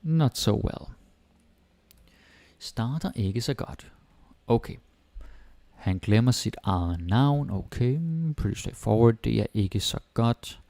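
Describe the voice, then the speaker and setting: A Danish-accented man with a low, gravelly voice walks learners through a language lesson at an easy pace. His explanations come step by step, and he drops into Danish words and phrases as he goes. The sound is dry and close, with no room echo. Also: takes it slowly, pauses often. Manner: relaxed, explains step by step, switches between English and Danish.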